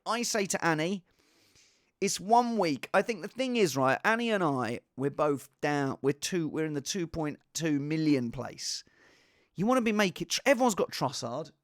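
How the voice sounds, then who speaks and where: A man giving casual, rambling fantasy football advice in an excitable, self-deprecating way. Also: on the high side, normal speed, no echo, studio quality.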